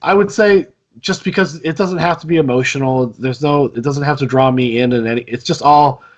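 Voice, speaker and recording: A man co-hosting a casual movie podcast, talking in a measured, hedging, analytical way. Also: medium pitch. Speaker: podcast co-host. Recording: dull lo-fi mic.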